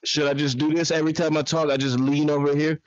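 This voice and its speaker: A man co-hosting a live podcast over a poor USB mic, animated and laughing. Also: fairly high pitch, quick pace, dry recording, lo-fi sound. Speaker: podcast co-host. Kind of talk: casual live podcast banter. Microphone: USB mic, poor connection.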